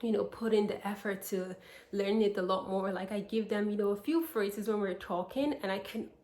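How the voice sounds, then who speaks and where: A woman's voice: mid-range voice, normal speed, a little mellow. A young American woman vlogging, chatting to her viewers in a rambling way with lots of fillers and restarts. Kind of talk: casual chat to camera. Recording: echoey room.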